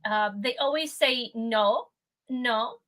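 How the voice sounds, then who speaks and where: Bright, slightly high woman guest from Canada. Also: takes it slowly. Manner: animated, laughing, hesitant starts. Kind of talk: casual chat.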